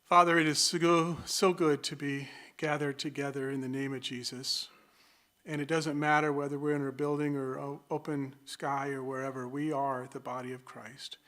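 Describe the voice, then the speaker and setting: A man's voice: medium pitch, level tone, normal speed, fairly bright tone. A man, the church's pastor, leading an earnest, fervent opening prayer.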